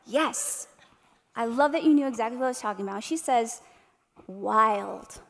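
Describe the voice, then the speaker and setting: Fairly high woman in echoing hall. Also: brisk, slight background noise. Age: 30s. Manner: animated storyteller, addresses audience directly with tag questions. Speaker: keynote speaker. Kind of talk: motivational speech. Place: large hall at an arts center. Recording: long hall reverb.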